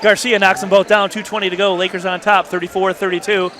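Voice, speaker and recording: A man doing play-by-play for a high school basketball game in a school gym, rattling off the action quickly and breaking into excited shouts with folksy asides. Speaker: play-by-play announcer. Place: school gymnasium. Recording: cheering gym crowd and noise behind.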